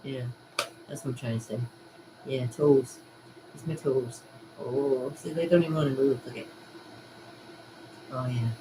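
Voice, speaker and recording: A woman's voice: a bass voice, fairly even intonation, measured pace, long pauses, noisy background. A middle-aged woman chatting casually to her viewers, rambling and laughing often. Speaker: vlogger and art party host. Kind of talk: casual rambling chat to camera.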